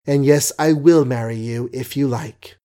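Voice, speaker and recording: A man's voice: mid-range voice, a little slow, dark tone, natural voice. A man voicing an emotional young woman who pleads and questions her lover, in a storybook reading. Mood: sullen.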